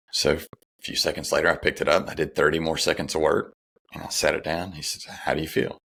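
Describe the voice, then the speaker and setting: Very deep-voiced man telling his story. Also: level tone, fast talker, creaky, sharp tone. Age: middle-aged. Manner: earnest, candid, retells dialogue with restarts. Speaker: podcast guest. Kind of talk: personal storytelling in an interview.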